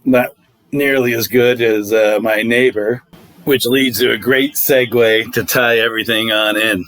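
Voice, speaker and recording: A man's voice: medium pitch, fairly even intonation, a little slow, a bit bright. A middle-aged man hosting a casual vlog, telling dating stories in a wry, conversational way. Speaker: vlog host. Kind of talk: casual storytelling.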